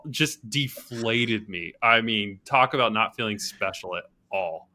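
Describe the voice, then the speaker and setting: Bright-voiced enthusiastic podcast man. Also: fairly low pitch, measured pace. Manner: enthusiastic storyteller. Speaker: podcast co-host. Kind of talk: casual golf chat.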